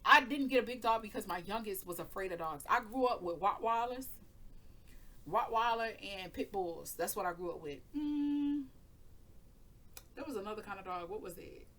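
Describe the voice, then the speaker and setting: A woman's voice: mid-range voice, animated, normal speed, fairly bright tone. A woman hosting her channel, telling a rambling personal story in casual chat, laughing often and cursing freely. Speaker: tarot reading channel host.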